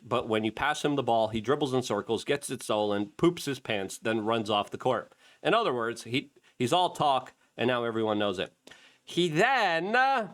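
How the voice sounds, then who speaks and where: Sarcastic man ranting on politics. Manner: sarcastic, mocking, mimics others in high squeaky voices. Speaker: host. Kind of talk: political commentary.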